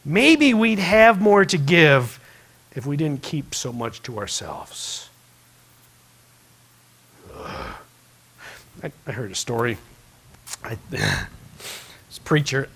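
A man's voice: mid-range voice, breathy edge. A man preaching a sermon in a church, telling a story in a folksy, rambling way with many restarts. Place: church sanctuary.

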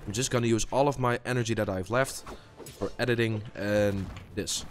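A man's voice: lowish voice, fairly even intonation, normal speed, slight background noise. A tired young man, a non-native English speaker, swearing and muttering to himself during gameplay commentary. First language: not English. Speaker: gaming YouTuber.

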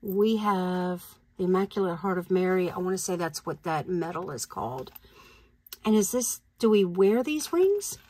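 A woman's voice: on the low side, expressive, normal speed, dark tone. A woman reselling jewelry, chatting casually as she unboxes it, thinking aloud and laughing easily. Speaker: reseller vlogger.

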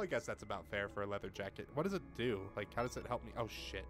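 A young man giving casual let's-play commentary, swearing often and swinging between muttering and excited outbursts. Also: mid-range voice, brisk, hardly any pauses, soft background music.

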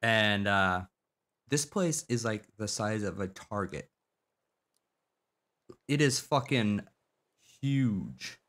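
A man's voice: lowish voice, expressive, slow pace, long pauses, a bit bright. A man from South Dakota streaming a game with friends, telling a story in casual chat, acting out quotes and swearing freely.

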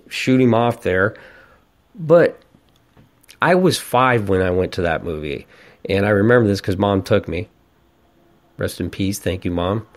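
A man in his forties hosting a podcast, ranting and telling stories in a casual, profane monologue. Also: lowish voice. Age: 40s. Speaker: podcast host.

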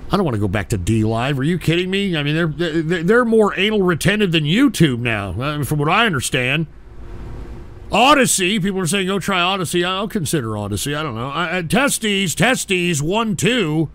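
A male host of a crude call-in comedy show, ranting in a loud, profane, exasperated way. His voice sits high and swings widely in pitch. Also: big pitch swings, moderate pace.

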